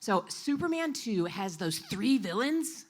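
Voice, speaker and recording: At a coffee shop event, a woman unhurriedly voices a storyteller's live tale as his interpreter. Her pitch sits in the middle, and she tells it expressively and with animation.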